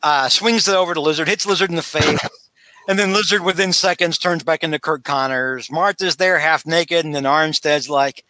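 A man hosting a casual podcast chat, recapping a story in an animated way and acting out the characters' lines. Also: on the high side, moderate pace, no echo. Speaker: podcast co-host recapping a comic.

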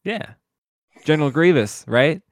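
A man hosting a casual podcast, relaxed as he steers the talk through listener picks. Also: on the high side, a little slow, dry recording, clean studio sound. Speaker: podcast host. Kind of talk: casual fan discussion.

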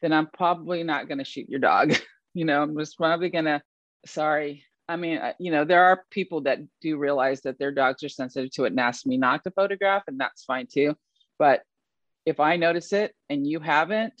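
A man as an interview guest, talking about his work as an event photographer in a casual, animated way and laughing often. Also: a little high, normal speed, dry recording, dull audio.

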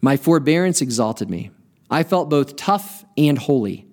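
A man's voice: a little high, measured pace. Man reading a story aloud. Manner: expressive storytelling. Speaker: podcast host.

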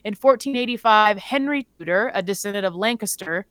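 A woman's voice: mid-range voice, brisk, a bit bright, no echo. Chatty woman with dry close sound. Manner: chatty, reads facts aloud with filler words and self-corrections. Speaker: podcast co-host. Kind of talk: casual chat.

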